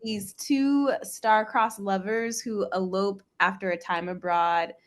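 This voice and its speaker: A woman talking casually on a group video call, relaxed and thinking out loud as she explains her idea. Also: slow. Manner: relaxed, thinks aloud while pitching. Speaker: guest poet.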